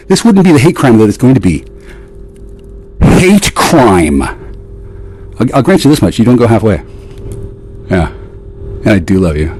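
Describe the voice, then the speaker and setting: A man's voice: dark tone, slight background noise. A man delivering a profane, sarcastic, confrontational rant at an absent woman. His delivery swings from jeering outbursts to muttered asides. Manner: lurching between jeering highs and muttered asides. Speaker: vlogger. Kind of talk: one-sided rant addressed to an absent woman.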